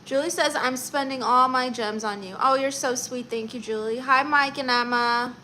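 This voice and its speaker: A bright, lively woman chats casually on her live stream, reading out viewer comments and answering them playfully. Her voice sits a little high for a woman, and a faint ambient hum runs underneath. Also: moderate pace. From Orlando, Florida. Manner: chatty, playful, reads viewer comments aloud.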